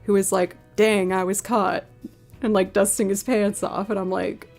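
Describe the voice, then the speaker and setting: A woman streamer telling a personal story in casual chat, acting out the people she quotes with sudden jumps in pitch. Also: moderate pace, soft background music. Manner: animated storyteller who acts out quotes with big pitch jumps. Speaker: streaming musician.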